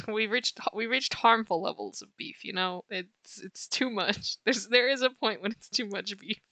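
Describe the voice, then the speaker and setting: A woman chatting casually with viewers while she sketches on a livestream, answering chat warmly and laughing often. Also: medium pitch, measured pace, dry recording. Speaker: art streamer.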